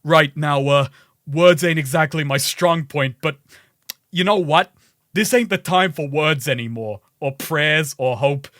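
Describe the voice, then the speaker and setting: A gruff male resistance leader stirs up his people, as a man reads him out in a deliberately bad accent. The voice sits high and sounds bright and forceful. The recording is close and dry. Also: no echo. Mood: rousing.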